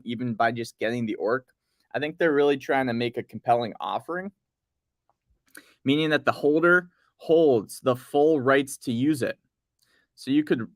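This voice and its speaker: A man's voice: mid-range voice, no echo, clean studio sound. Laid-back man chatting crypto news. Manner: relaxed, rambling, reads project notes aloud. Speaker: podcast co-host. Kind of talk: casual crypto news chat.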